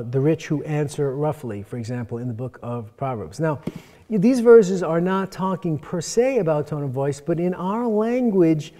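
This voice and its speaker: Man, earnest workshop teacher, higher-pitched voice, long hall reverb. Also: mellow. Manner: earnest, emphatic teaching with scripture references. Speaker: workshop speaker. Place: conference hall.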